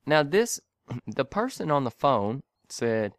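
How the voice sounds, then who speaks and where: Animated man telling a story. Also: mid-range voice, measured pace, dry recording. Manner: animated, profane, acts out voices, laughs a lot. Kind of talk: casual storytelling.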